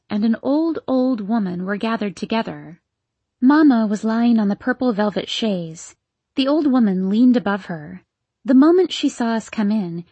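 A woman narrating a first-person story in a measured, expressive way, with a slightly breathy voice. The recording is close and dry. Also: a little high, no echo. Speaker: audiobook narrator.

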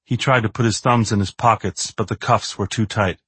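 A man narrating a novel in the first person in a measured, steady, understated way. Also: on the low side, slightly rough, dry recording. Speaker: audiobook narrator.

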